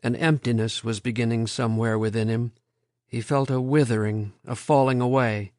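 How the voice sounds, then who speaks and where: A man narrating an audiobook in a measured, steady reading. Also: medium pitch, dry recording, clean studio sound.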